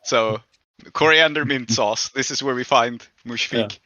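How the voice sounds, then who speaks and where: A man running a tabletop game as game master, easygoing and quick to laugh. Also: mid-range voice, sharp tone, dry recording, low-quality recording.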